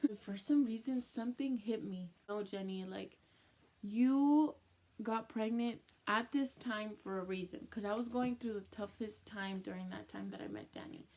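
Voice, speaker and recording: A young woman in her twenties recounts an emotional personal story in a loose, chatty way, leaning on "like" and dropping in Spanish phrases. Her voice sits at a middle pitch and sounds teary from crying. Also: lively intonation, moderate pace, darkish tone. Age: 20s. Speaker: vlogger.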